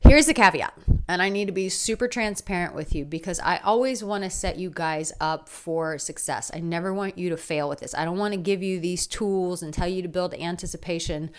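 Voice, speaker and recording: A woman in her thirties giving dating advice straight to camera, candid and emphatic, moving between punchy lines and hushed ones. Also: on the low side, fairly quick, hardly any pauses. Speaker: dating coach. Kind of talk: direct-to-camera advice talk.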